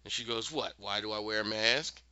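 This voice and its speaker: A man casually retelling a show's plot and acting out the characters' lines in quick, animated voices. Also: lowish voice, very noisy. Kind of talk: casual recap storytelling. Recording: dull, lo-fi dry sound.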